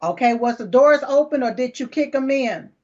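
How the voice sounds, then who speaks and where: A woman's voice: high-pitched, lively intonation, moderate pace, darkish tone. Woman interviewer, informal and brash, muffled lo-fi audio. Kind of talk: casual interview. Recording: dull lo-fi sound.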